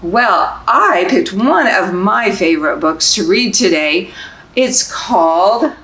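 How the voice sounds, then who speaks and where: Young woman librarian, baby story time, sing-song, slow and lively. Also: medium pitch, echoey room, low-quality recording. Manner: sing-song, animated, speaks to babies. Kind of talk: reading aloud and singing to babies.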